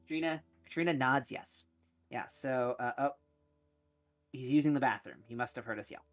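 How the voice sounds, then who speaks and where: A man narrating as game master of a tabletop game, often pausing with ums, with faint music behind. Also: mid-range voice, fairly bright tone. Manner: hesitant, many ums.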